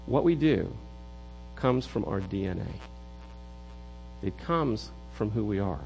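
A man's voice: lowish voice, expressive, slow, a little mellow, slight background noise, rough recording. A middle-aged man preaching a sermon in an earnest way, often repeating words as he builds a point. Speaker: pastor.

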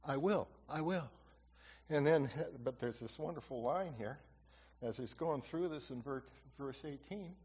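A man's voice: medium pitch, moderate pace, a little mellow, husky. A man preaching a sermon, repeating his key phrases for emphasis. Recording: muffled reverberant hall recording.

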